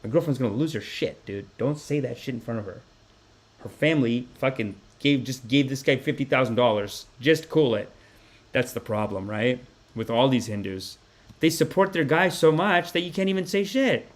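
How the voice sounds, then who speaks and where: A podcast host with a medium pitch speaks at an ordinary pace during a casual livestream. The talk is profane, rambling, and lively, with frequent detours.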